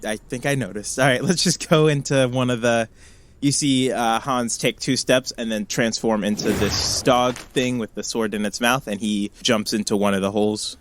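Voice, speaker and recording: A man's voice: medium pitch, fairly even intonation, normal speed, slight background noise. A man narrating as game master of a tabletop game, easygoing, with hesitant fillers and chuckles.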